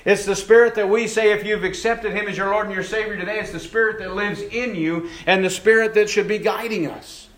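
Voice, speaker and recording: A man with a high voice preaches from the pulpit, dropping to near-hushed tones and then rising again, stretching out key words. The sound is roomy, and his voice rings off the walls of the church sanctuary. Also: fairly even intonation. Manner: preaching with wide swings between hushed and raised passages, slowing for emphasis. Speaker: pastor. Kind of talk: sermon. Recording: echoey church room.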